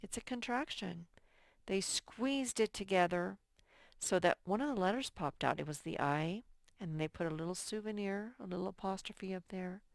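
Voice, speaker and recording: A woman teacher leading a first-grade spelling lesson, slowly sounding out each word syllable by syllable. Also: mid-range voice, creaky, no room sound, studio quality. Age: adult. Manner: slow, sounds out words syllable by syllable.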